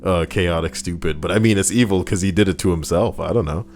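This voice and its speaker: Deep-voiced man reading stories sarcastically. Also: fairly quick, a little mellow, slight background noise. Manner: sarcastic, rambling asides. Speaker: host reading and reacting to online stories. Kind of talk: comedic reading with commentary.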